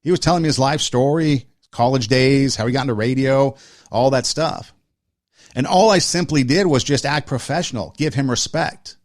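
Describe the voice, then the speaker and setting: A man's voice: mid-range voice, normal speed, dry recording, studio quality. A man hosting a podcast, telling a personal story in casual talk, earnest and repeating phrases for emphasis. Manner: talks in short listing phrases. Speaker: podcast host.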